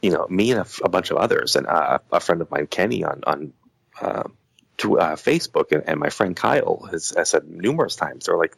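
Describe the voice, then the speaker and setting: Low gravelly dude ranting on a podcast, dry close mic, keeps restarting sentences. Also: male voice, expressive, fairly quick, dry recording, low-quality recording. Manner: heated, rambling with many restarts. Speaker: podcast guest. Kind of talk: casual podcast conversation.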